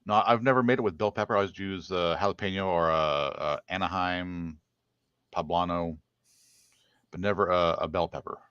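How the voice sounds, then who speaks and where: A man with a very deep voice chats hesitantly and reads out viewer comments. The stream audio is dull and lo-fi. It is dry and close. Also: normal speed, fairly bright tone, smooth, no room sound. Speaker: cooking show co-host. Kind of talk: casual live-stream chat.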